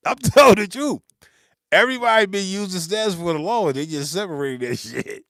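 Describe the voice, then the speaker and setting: A man's voice: high-pitched, animated, a little fast, fairly bright tone, dry recording, clean studio sound. A man, ranting unscripted to camera about music gear, swearing freely, laughing and mimicking his critics. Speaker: beatmaker hosting his channel.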